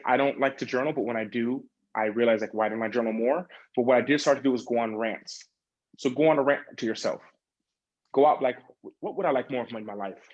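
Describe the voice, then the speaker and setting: Over a video call, a man with a mid-range, slightly mellow voice leads a group coaching session in a casual, motivational style. He's loose and chatty, uses lots of fillers, and acts out the questions people ask themselves. The recording quality is low.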